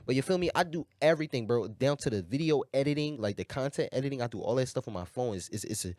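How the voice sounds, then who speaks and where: A man's voice: medium pitch, expressive, quick pace, darkish tone, no echo, studio quality. Slangy Philly man, emphatic podcast guest. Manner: slangy and emphatic, often asks "you feel me". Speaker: guest musician. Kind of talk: casual podcast conversation.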